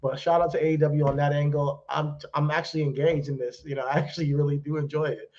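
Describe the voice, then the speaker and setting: A man co-hosting a wrestling podcast in relaxed casual chat, laughing easily and using many fillers. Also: fairly high pitch, quick pace. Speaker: podcast co-host. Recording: dull lo-fi sound.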